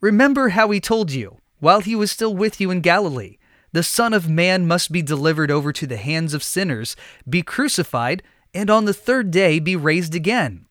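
A man voicing a solemn, gentle angel. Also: high voice, animated, normal speed, dry recording, studio quality. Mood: earnest.

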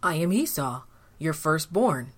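A woman voicing an angry young hunter who speaks gruffly and bitterly. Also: low-pitched, big pitch swings, measured pace, heavily acted. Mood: plain. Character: angry young man, rough hunter son.

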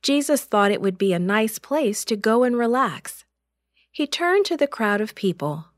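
A woman narrating a Bible story for children in a slow, clear and expressive way. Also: a little high, no room sound, studio quality.

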